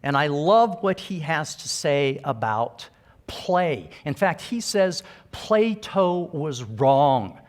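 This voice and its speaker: Conference keynote: middle-aged man, earnest and emphatic, slightly high voice. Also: sing-song, slow. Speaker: conference speaker. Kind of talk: keynote talk to a live audience.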